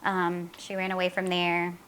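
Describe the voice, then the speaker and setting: A middle-aged woman tells her daughter's story as an interview guest. Her voice is bright and forceful. She talks in an earnest, halting way, with many fillers and re-enacted dialogue. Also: fairly low pitch, monotone, a little hiss or hum. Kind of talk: emotional personal account in an interview.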